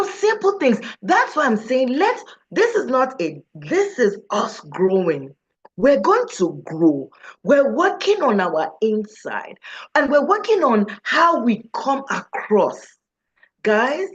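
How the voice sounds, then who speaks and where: Woman, speaking coach, lively pitch, emphatic questions to the room, dull lo-fi sound. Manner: animated, emphatic, asks the audience questions. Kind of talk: motivational talk to an audience. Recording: dull, slightly lo-fi recording.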